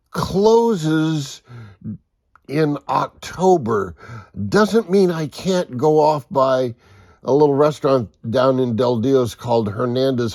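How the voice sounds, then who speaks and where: A man casually talking through his model boat projects in his home workshop, unhurried and rambling, with a self-deprecating humor. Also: medium pitch, vocal fry, darkish tone, dry recording, studio quality. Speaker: model boat hobbyist vlogger.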